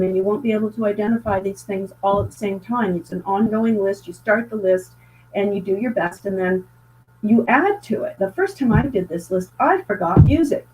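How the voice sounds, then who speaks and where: A woman's voice: medium pitch, lively intonation, normal speed, darkish tone, slight background noise, low-quality recording. A woman from Canada, a guest author and speaker, talks in an earnest, conversational way as she tells a story, often stumbling over and repeating words.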